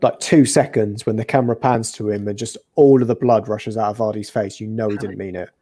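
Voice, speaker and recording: Man, low mellow voice, thoughtful casual football chat. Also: fairly even intonation, fairly quick. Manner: thoughtful, explanatory. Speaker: podcast co-host.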